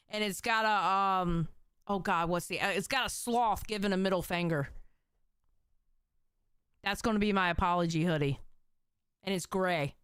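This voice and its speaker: A woman's voice: mid-range voice, fairly bright tone, clean tone, no echo, studio quality. A young adult woman from Southern California, hosting a reaction stream in blunt, profane, jokey commentary.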